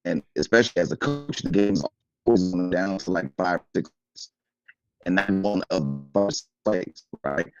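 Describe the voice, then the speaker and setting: A deep-voiced man speaks haltingly on a sports show, dropping and restarting his thoughts. His call sounds dull and muffled, with faint music behind him. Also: lively intonation. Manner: halting, loses his thread. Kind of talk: casual sports talk show.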